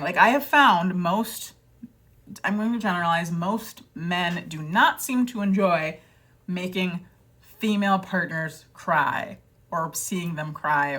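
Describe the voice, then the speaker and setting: Chatty self-deprecating woman vlogger. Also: on the low side. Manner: chatty, self-deprecating, lively swings into quoted voices; rambling with many fillers and restarts. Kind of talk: casual chat to camera.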